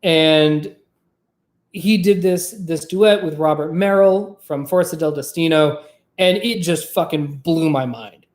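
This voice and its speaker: A vlog host and trained former opera singer, chatting casually to camera in a rambling, profane, lively way. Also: mid-range voice, slow, echoey room.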